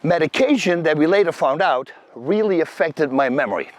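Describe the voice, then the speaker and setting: Man, Dutch accent, middle-aged, emphatic storyteller, slightly high voice, dry close sound. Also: a little fast, no echo. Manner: animated, emphatic, slangy. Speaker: host. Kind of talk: personal storytelling to camera.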